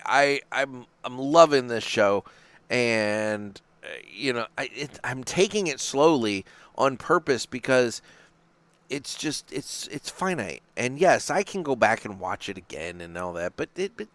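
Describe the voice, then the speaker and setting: A man hosting a podcast from a small studio, his pitch swinging up and down as he rambles through casual chat. He swears freely and trips over his own restarts. The sound is dry and close, with no room echo. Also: takes it slowly. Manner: rambling, profane, animated, many restarts. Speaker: podcast host. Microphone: studio microphone.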